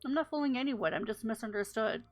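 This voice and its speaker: A woman's voice: a little high, quick pace, faint music behind, natural voice. A woman reading a coy swindler thief. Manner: coy and theatrical, feigning innocence. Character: sly flirtatious female swindler and thief. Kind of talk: reading game dialogue aloud.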